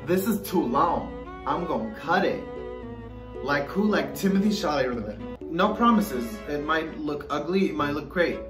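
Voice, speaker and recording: A young man vlogging at an unhurried pace, his voice leaping wildly between low mutters and high shrieks. He swears freely and reacts with loud dramatic yelps. The sound is echoey, with music playing behind him. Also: lively intonation, distant mic. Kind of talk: casual self-filmed vlog.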